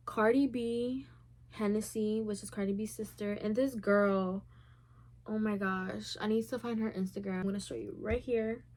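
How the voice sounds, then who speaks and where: A woman's voice: medium pitch, darkish tone. Candid chatty young woman vlogger. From Puerto Rican heritage. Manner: candid and chatty, heavy use of "like". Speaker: YouTuber. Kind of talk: casual Q&A vlog.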